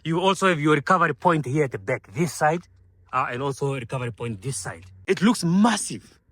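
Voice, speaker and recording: A fast-talking man with a mid-range voice does an enthusiastic walkaround review of a car. He points out its features, uses lots of fillers and addresses his viewers as ladies and gentlemen.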